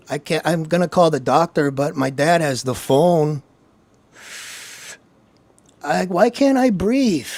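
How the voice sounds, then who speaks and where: A whiny, self-pitying grown man, put on by a streamer mocking someone, who drags out his complaints slowly and keeps ending them with "eh?". The voice sits in a dead, dry room with no echo. Every line sounds sorry for itself. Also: high-pitched, mellow, pitched above the performer's own voice, exaggerated voice. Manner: whining, ends lines with "eh?".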